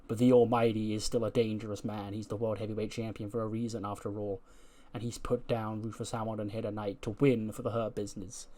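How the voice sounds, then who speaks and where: A man's voice: fairly low pitch, little pitch movement, fairly quick, warm tone. A man giving casual, chatty let's-play commentary on a game, swearing now and then. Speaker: gaming video creator.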